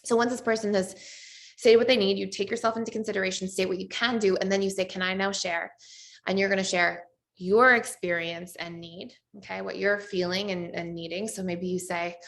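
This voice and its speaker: A woman's voice: mid-range voice, fairly even intonation, fairly quick, fairly bright tone. A woman teaching a relationship class as a coach, talking conversationally and acting out short quotes. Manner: conversational, with many fillers and acted-out quotes.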